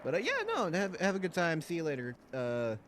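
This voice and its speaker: A man's voice: a little high, sing-song, a little fast, slight background noise. Laughing, swearing young male streamer. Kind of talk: let's play commentary.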